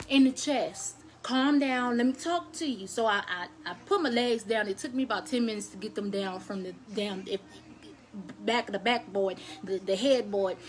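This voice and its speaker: A young adult woman telling a blunt, crude story to her viewers in a casual, animated way. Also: mid-range voice. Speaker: storyteller vlogger.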